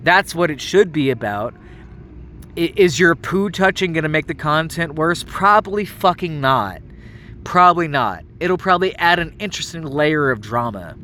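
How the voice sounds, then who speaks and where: A man's voice: on the high side, expressive, normal speed, pushed and bright, slight background noise. A man in his late thirties delivering an angry, heavily profane ranting monologue, stumbling over restarts as he goes. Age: late 30s.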